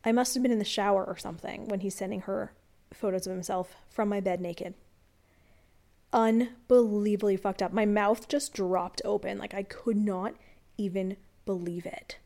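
A woman's voice: moderate pace, gravelly. Earnest woman telling a personal story. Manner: earnest, confiding, reflective; drops to a calm low hush when quoting herself. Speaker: vlogger.

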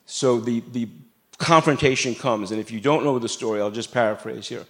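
A man's voice: medium pitch, a little fast, a bit bright. A middle-aged man preaching a sermon in a church, in a conversational, joking way with asides to the congregation. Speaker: pastor. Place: church sanctuary.

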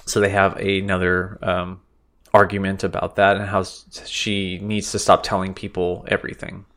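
A man's voice: sits low, completely flat delivery, normal speed, fairly bright tone. A man hosting a podcast, casually recapping film scenes in a loose, profane way. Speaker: podcast host.

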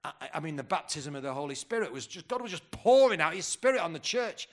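A man's voice: on the high side, sing-song, quick pace. A man in his fifties preaching a conference sermon, rousing and quizzing the crowd, often restarting his sentences. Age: 50s. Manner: rousing, asks the crowd questions, stumbles and restarts.

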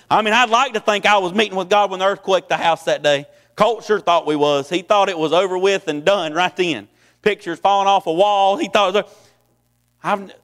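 Folksy preacher with a high voice. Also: male voice, fairly bright tone, big-room sound. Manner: folksy, repeats phrases and restarts often. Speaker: pastor. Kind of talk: sermon.

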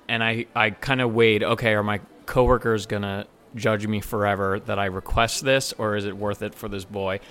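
Guest storyteller, male, lower-pitched, eager and a bit rambling, quotes people with lively voices. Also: moderate pace, hardly any pauses, clean tone. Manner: animated, acts out the dialogue he quotes. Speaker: bartender and server telling a story. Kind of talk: casual spoken storytelling.

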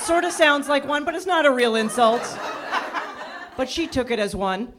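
A woman's voice: high-pitched, expressive, moderate pace, background noise. A woman doing a stand-up comedy set, chatty and self-mocking, acting out the voices she quotes. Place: comedy stage before a live audience. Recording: live club crowd laughing. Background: audience laughter.

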